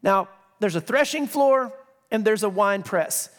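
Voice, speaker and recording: A man's voice: high voice, animated, a little slow. A male pastor preaching a sermon in a conversational way, reading scripture with emphasis and dropping joking asides. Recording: long reverb of a large hall.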